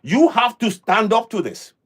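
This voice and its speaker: A man's voice: sits high, sing-song, normal speed, a bit bright. A man from Africa hosting a live stream, commenting on a clip in a rambling way with many fillers and restarts. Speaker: livestream host.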